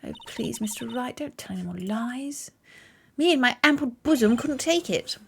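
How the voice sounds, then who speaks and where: A woman voicing a sweet but manipulative young woman in a soft, coy, breathy way. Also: on the high side, lively intonation, normal speed, a little hiss or hum.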